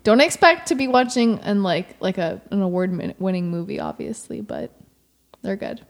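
A woman's voice: mid-range voice, animated, normal speed. Young woman co-host, casual and rambling, heavy on "like". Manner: rambling, fills speech with "like". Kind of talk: casual chat.

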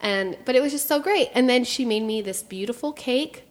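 A woman's voice: fairly high pitch, normal speed. Young woman rambling through a story on a podcast, lots of "like", does little voices for the quotes. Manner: chatty storyteller, acts out quotes, many "like"s. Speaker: podcast co-host. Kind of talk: casual chat.

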